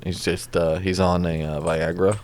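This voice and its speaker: A man's voice: low voice, flat delivery, normal speed, a little mellow, a little hiss or hum. A man co-hosting a podcast, chatting casually with dry jokes over a game being played. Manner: dry, joking, tangent-prone. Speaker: podcast co-host. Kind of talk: casual chat over gameplay.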